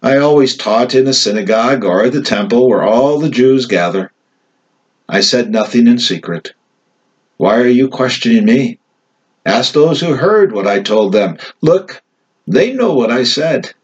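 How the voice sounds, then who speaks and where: A man's voice: medium pitch, expressive, a little slow, breathy edge, lo-fi sound, pitched above the performer's own voice. A man reading the words of Jesus as an earnest teacher under questioning in a scripture reading, his voice lifted and emphatic.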